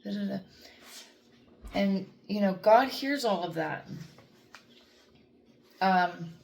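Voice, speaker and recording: A woman's voice: mid-range voice, slow. A woman who works as a dog trainer, talking earnestly about faith and self-talk in a rambling way, with many fillers and restarts. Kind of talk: reflective faith talk to camera.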